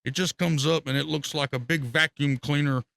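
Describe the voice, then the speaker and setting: Male podcast guest, high gravelly voice, rowdy profane storyteller. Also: moderate pace. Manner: profane, excitable, laughs often. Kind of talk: casual storytelling.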